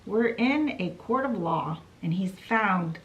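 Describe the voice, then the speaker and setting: A woman's voice: mid-range voice, lively intonation, takes it slowly, dull audio, noisy background. A woman hosting a book channel, summarizing a classic story in a chatty, playful way with dramatic asides.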